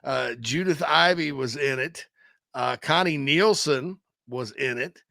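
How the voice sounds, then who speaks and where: A man co-hosting a casual sports podcast, animated and talkative, who bursts into loud movie-quote impressions. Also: medium pitch, a little slow, creaky, no echo, studio quality. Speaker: podcast co-host.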